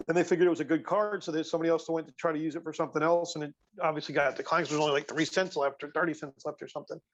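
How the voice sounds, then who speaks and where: A man's voice: on the high side, steady tone, rapid-fire, dull audio. A man co-hosting a podcast, telling rambling stories in casual chat, full of fillers and restarts. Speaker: podcast co-host.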